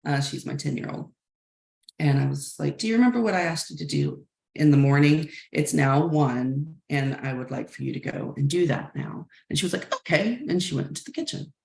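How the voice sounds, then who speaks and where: A woman's voice: low voice, fairly quick, vocal fry, a little mellow. A woman in her thirties or forties, a workshop facilitator, telling her class a frank personal story in a reflective way with many "like" fillers. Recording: roomy echo.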